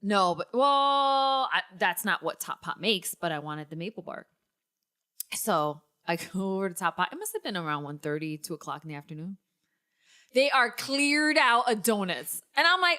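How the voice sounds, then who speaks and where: A young woman hosting a casual podcast, telling a long story and swinging up into high, excited tones. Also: normal speed. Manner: animated storyteller, jumps to high excited pitch. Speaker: podcast host.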